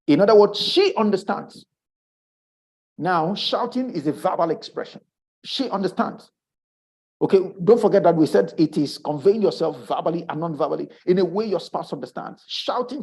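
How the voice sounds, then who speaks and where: Nigerian english guy teaching a marriage class, emphatic, kinda high gravelly voice, repeats himself a lot. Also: poor audio. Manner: animated, repeats words, emphatic rises.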